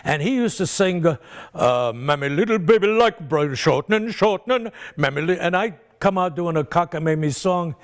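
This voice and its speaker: An older comedian being interviewed, telling rambling anecdotes about his career and acting out the people in them. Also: sits high. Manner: rambling comic storyteller who acts out the people in his stories.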